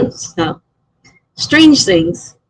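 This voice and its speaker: A woman's voice: mid-range voice, sing-song, extremely slow, a little hiss or hum, poor audio. A middle-aged woman live streaming, telling a story in a rambling, chatty way with lots of fillers. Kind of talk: casual chat.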